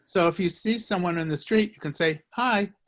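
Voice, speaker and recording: A man's voice: high-pitched, moderate pace. A man teaching a live online language lesson, joking, encouraging and repeating phrases for his students. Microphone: video call.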